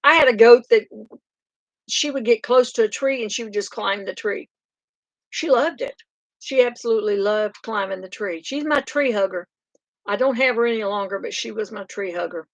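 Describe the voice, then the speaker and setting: A woman's voice: on the high side, moderate pace, no echo. An older woman, hosting a casual live stream chat, reading out comments and rambling through stories. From Oklahoma. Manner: chatty, rambling, laughs often.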